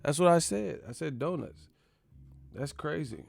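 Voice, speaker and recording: A man's voice: a little high, expressive, unhurried, vocal fry, pauses often, darkish tone, dry recording, clean studio sound. A man hosting a boxing channel, ranting casually with profane jokes and rambling asides. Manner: profane, joking, rambling with laughs. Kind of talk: casual comedic rant.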